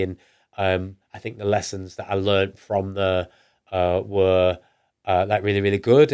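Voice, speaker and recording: On a casual podcast, an entrepreneur from northern England with a lowish, darkish voice rambles through his story. Along the way he restarts often and performs the lines others said to him.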